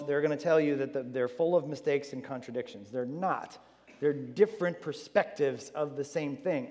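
A man preaching a sermon from the front of a church, lively, with joking asides and quick restarts. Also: a little high. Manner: animated, jokey asides, repeats words. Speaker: pastor. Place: church hall. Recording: long hall reverb.

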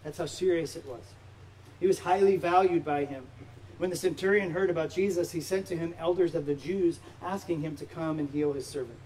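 A man delivers a sermon in a fairly high voice, leaning into points with emphatic rhetorical questions. He sounds a little distant from the microphone, with a faint hum of noise in the background. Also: steady tone, a little fast, a little mellow. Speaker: pastor. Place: church sanctuary.

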